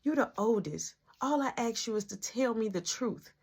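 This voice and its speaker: A woman's voice: fairly high pitch, expressive, moderate pace, gravelly, darkish tone, husky, exaggerated voice. A woman voicing a strict middle-aged mother who scolds and threatens firmly. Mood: earnest pressing.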